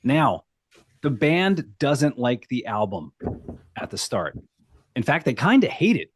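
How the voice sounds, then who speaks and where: A man's voice: medium pitch, very animated, a little slow, slight background noise. A man co-hosting a podcast, recounting a band's history from his notes in a storytelling way over casual chat. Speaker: podcast co-host.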